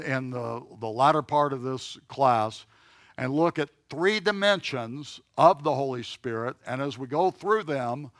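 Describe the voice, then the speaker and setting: A man's voice: a little high, fairly bright tone, dry recording. Man teaching a Bible class, dry sound. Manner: conversational, checks in with listeners.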